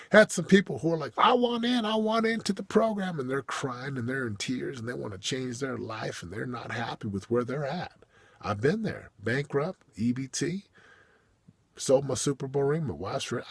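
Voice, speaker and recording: A man giving a motivational monologue as a coach, emphatic and preachy, with big swings in loudness. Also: on the low side, breathy edge, dry recording.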